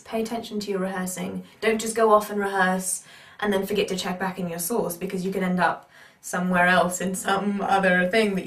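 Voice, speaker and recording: Animated woman coaching on accents. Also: medium pitch, brisk, distant mic. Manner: animated, emphatic, repeats key points. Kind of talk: instructional talk. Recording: roomy echo, speaker off-mic.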